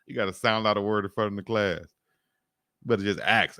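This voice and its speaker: A sports talk host from Alabama chats casually about sports on a livestream, reading out comments in a laid-back, joking way, chuckling often and repeating himself. His voice is fairly low and fairly even in intonation, a little fast, with a fairly bright, clear, resonant tone. The recording is studio quality with no echo.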